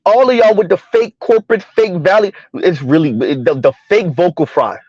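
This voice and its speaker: A man giving a heated, emphatic commentary rant on his vlog, repeating his points loudly. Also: sits high, normal speed, slightly rough, no room sound, dull audio. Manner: loud, emphatic, repeats points, laughs at times. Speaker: commentary vlogger.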